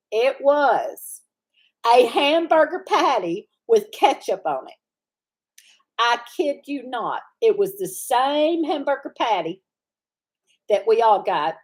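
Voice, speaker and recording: A woman, hosting a live stream and telling a rambling story in a relaxed, chatty way. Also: mid-range voice, breathy edge. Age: 60s. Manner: chatty, meandering, laughs easily. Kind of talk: casual storytelling chat.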